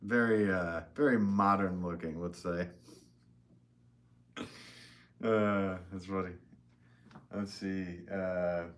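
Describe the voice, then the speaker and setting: A deep-voiced middle-aged man talks casually on a live stream, rambling and friendly as he reads out comments from the chat. His voice sits very low. Behind him there is a faint hiss of background noise. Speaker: potter hosting a live stream.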